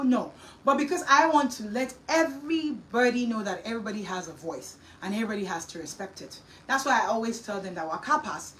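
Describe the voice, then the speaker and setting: A woman host with a Nigerian accent telling a story in a lively, scolding chat, slipping into Pidgin and Yoruba. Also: a little high, far from the mic, poor audio. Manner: animated, mixing Pidgin and Yoruba, scolding asides.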